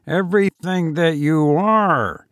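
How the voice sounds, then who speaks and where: A man's voice: fairly high pitch, slow pace, a bit bright, dry recording, studio quality, pitched above the performer's own voice. A man voicing a broke young schemer with a light, mocking manner.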